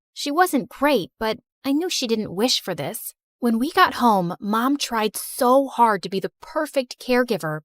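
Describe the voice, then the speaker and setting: A young woman tells an animated story in the first person, her voice pitched somewhat high and moving through lively, wide swings. The delivery is confessional and scripted, recorded close and dry. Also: no room sound. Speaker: narrator.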